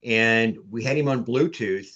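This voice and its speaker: Podcast guest, man, mid-pitched, casual and rambling, repeats and restarts, on a video call. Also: a little slow, fairly bright tone, muffled recording. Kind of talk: casual storytelling chat.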